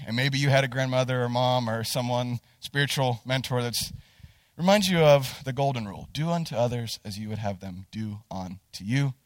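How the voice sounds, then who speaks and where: A man's voice: medium pitch, dry recording, in a large hall. A young man preaching as a youth pastor, telling a funny story and talking straight to his listeners. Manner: animated storyteller, addresses listeners directly. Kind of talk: humorous sermon story.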